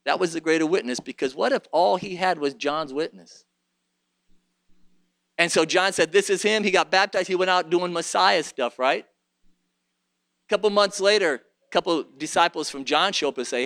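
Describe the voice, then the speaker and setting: A man preaching a sermon in an impassioned way, asking rhetorical questions and rising to shouts. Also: high voice, moderate pace, creaky.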